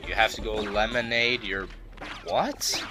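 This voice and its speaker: Young guy joking around while playing a game, voice jumps all over, lowish, game music behind. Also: expressive, moderate pace. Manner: rambling, joking, playful asides. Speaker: let's play host. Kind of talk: casual gameplay commentary.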